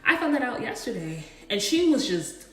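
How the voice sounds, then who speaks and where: A young woman chatting casually as a vlogger, retelling a story in an animated, slangy way. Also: fairly high pitch, normal speed. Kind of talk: casual storytime while getting ready. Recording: roomy echo with faint music.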